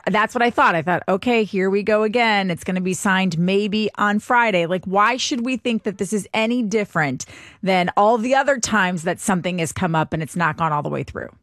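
A woman's voice: medium pitch, a bit bright, no room sound. A woman co-hosting a talk radio show, upbeat and playful, laughing often.

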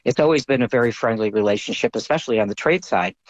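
Man, measured, earnest, news interview clip, medium pitch, slightly dull lo-fi sound. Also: dry recording.

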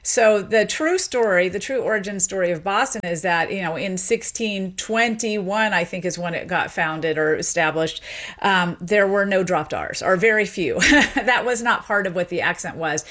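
A woman's voice: lowish voice, normal speed. A woman, a sociolinguist raised in Tennessee, giving long explanatory interview answers with frequent fillers. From Memphis, Tennessee. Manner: explanatory, lively, many fillers. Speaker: sociolinguist guest.

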